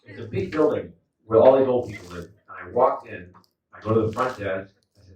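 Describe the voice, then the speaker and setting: A man in his fifties doing a stand-up set, telling stories in a lively way with acted-out quotes. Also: low-pitched, a little fast. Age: 50s. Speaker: stand-up comedian. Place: indoor comedy club. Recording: echoey club, distant mic, noisy.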